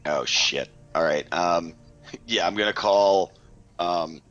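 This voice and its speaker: Very deep-voiced hesitant man, dull audio. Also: slow, a bit bright. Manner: hesitant, with many "um" fillers. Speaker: player. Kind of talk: tabletop role-play chat.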